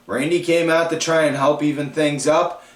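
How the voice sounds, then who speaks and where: A man with a slightly high, fairly even voice hosts a wrestling podcast, recapping shows in a slow, drawn-out, rambling way packed with fillers. He sounds far from the mic in an echoey room.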